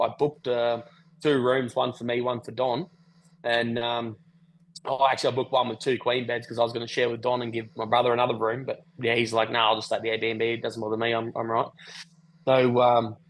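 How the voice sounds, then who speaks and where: Laid-back bloke yarning over a video call, monotone delivery, light background noise. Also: male voice, mid-range voice, rough recording. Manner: laid-back, rambling, swears casually. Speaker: podcast guest. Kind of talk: casual storytelling over a call.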